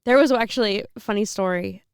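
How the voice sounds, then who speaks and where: A woman's voice: mid-range voice, fast talker, clear, resonant tone, dry recording, clean studio sound. A woman in her twenties, a seminarian co-hosting a podcast, chatting casually with frequent laughs and rambling restarts. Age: 20s.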